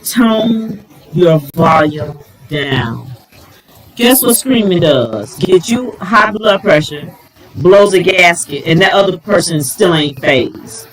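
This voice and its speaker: A middle-aged woman giving relationship advice in a casual, animated vlog, exclaiming and talking straight to her viewers. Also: lowish voice, measured pace, breathy edge, rough recording. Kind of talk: casual advice talk to camera.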